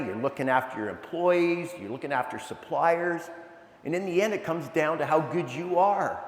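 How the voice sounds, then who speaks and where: A man giving an animated, energetic motivational talk, telling stories with asides to a live audience. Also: on the high side. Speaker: keynote speaker. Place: large event hall. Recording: echoey hall, long reverb.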